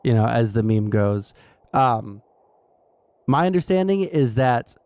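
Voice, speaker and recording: A man's voice: medium pitch, lively intonation, measured pace, darkish tone, no room sound. A man streaming casual political commentary, rambling with fillers and wry asides.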